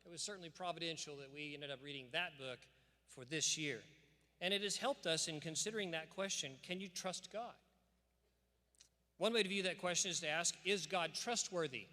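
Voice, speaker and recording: A man delivers a formal commencement address, earnest and emphatic, with the cadence of a preacher. His voice sits fairly high and has a bright, forceful edge. It rings out with the long reverb of a large church sanctuary. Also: fairly quick. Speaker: school administrator giving commencement address. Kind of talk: formal commencement speech with scripture reading.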